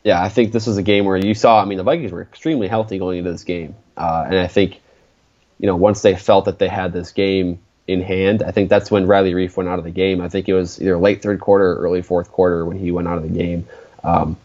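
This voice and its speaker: A man's voice: deep voice, steady tone, quick pace, darkish tone. A young man co-hosting a casual sports podcast, chatty and asking questions, often restarting his sentences. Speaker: podcast co-host. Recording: slightly dull lo-fi sound.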